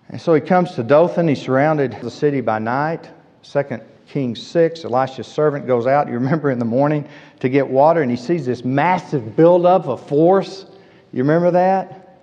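A man's voice: fairly high pitch, warm tone. A man preaching a sermon, emphatic, repeating his key phrases for weight. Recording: dull lo-fi sound with long hall reverb.

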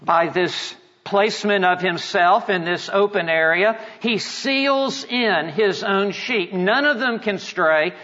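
A man preaching an expository sermon, measured and emphatic, with dramatic pauses. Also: sits high, pushed and bright. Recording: dull reverberant hall sound.

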